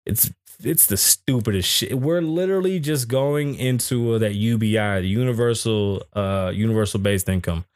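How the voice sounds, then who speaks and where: A man's voice: on the low side, normal speed, darkish tone, no room sound, studio quality. A man hosting a casual podcast, reading news stories aloud and cutting in with blunt, profane, mocking comments. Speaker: podcast host.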